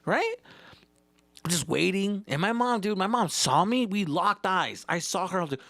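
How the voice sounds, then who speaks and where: Hosting his own comedy podcast, a man with a high voice tells stories in loose, animated chat, talking a little fast. He swears constantly and sprinkles Spanish words throughout. The recording is dry.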